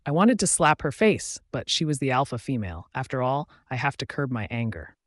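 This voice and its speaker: A man reading first-person audiobook narration in a steady storytelling voice. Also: medium pitch, fairly quick, no room sound, clean studio sound.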